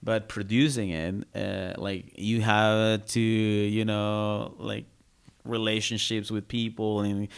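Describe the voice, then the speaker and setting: A man's voice: fairly low pitch, flat delivery, takes it slowly, creaky, clean tone. A man, a comedian guest on a podcast, talking casually and searching for his words with many restarts. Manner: laughs easily between points.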